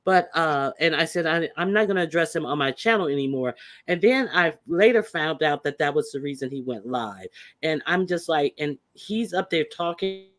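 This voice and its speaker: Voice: mid-range voice, expressive, normal speed, fairly bright tone, dry recording. A channel host in casual live-stream chat, indignant and insisting on their own honesty.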